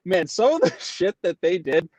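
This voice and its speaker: A man chatting casually on a stream, excitable and laughing often. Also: sits high, normal speed, no echo. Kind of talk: casual chat.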